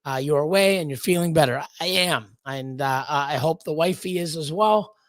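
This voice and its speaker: A man's voice: on the high side, normal speed, no room sound. A man hosting a live stream, greeting chat viewers one by one in a rambling, loose way with lots of fillers. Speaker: livestream host.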